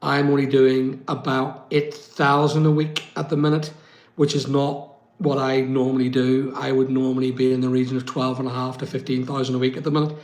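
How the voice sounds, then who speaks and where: A man's voice: medium pitch, little pitch movement, fairly quick, darkish tone, reverberant. Chatty man hosting a live stream. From West London. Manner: chatty, reads out comments, many ums. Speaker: livestream host answering viewer comments. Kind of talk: casual live chat.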